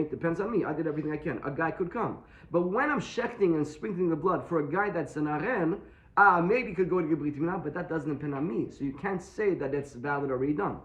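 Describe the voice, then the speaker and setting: In a reverberant space, a man whose voice is a little high leads his students through a daily Talmud class. He works step by step, repeating points and raising rhetorical questions that he then answers.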